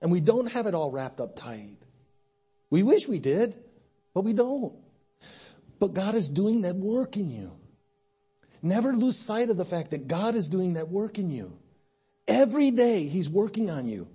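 Husky preacher man, lively delivery. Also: high-pitched, measured pace, long pauses. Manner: conversational, swings between hushed and emphatic. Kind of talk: sermon. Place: church.

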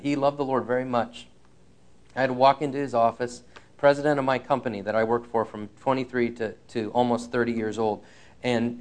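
Earnest middle-aged man preaching. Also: mid-range voice. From Canada. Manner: earnest, urgent, repeats key phrases. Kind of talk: sermon.

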